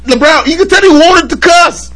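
Bright, high-voiced co-host, teasing. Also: male voice, normal speed, a little hiss or hum. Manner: laughing, teasing, joking. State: drinking. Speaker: podcast co-host. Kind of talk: casual chat.

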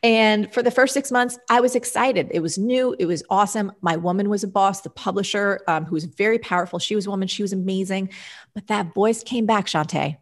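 Lively woman telling her story. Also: on the low side, quick pace. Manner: animated, acts out her own past thoughts. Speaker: guest. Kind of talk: personal storytelling in an interview.

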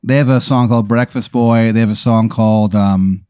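A man's voice: on the low side, moderate pace, clean tone, dry recording, studio quality. A man hosting a podcast, rambling through an improvised comedy bit and slipping into goofy voices. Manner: animated rambling storyteller with goofy put-on voices. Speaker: podcast host.

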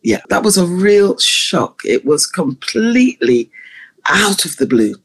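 A woman's voice: medium pitch, sing-song, a little slow, gravelly, breathy edge. A woman choir conductor, a guest in an interview, telling stories with animation and frequent laughter. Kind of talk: interview storytelling.

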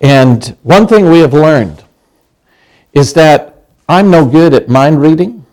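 Older male pastor in his sixties, slightly high voice; chatty, humorous sermon delivery with acted-out quotes. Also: animated, slow, a little mellow. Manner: conversational, humorous, acts out quoted lines.

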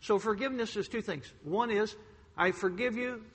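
A man preaching a sermon to a congregation, telling a personal story emphatically, swinging between loud outbursts and hushed lines. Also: high-pitched, moderate pace, slightly rough. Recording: long hall reverb.

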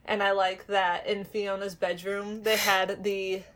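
Woman, casual chat, mid pitch, relaxed, detail-focused. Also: a little slow.

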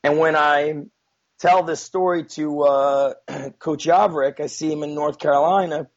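A man's voice: on the high side, fairly even intonation, a little slow. A man telling a story as a guest in a casual, rambling way, with many fillers and frequent swearing, on a dull lo-fi recording. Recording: dull lo-fi sound.

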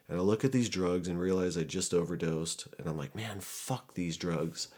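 A man's voice: sits low, a little mellow. A young man telling a candid, profane personal story in a casual, rambling way, with frequent restarts.

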